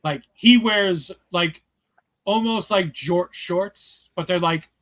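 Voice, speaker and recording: A man co-hosting a casual show review, excited and rambling, swearing freely and filling his talk with "like". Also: high-pitched, slow. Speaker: podcast co-host reviewing a wrestling show.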